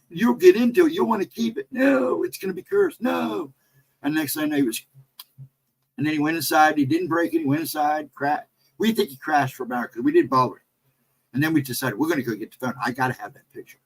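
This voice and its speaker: A middle-aged American man hosting a casual livestream, telling a story in a rambling, animated way and reading out chat messages. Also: mid-range voice, breathy edge, poor audio. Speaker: livestream host.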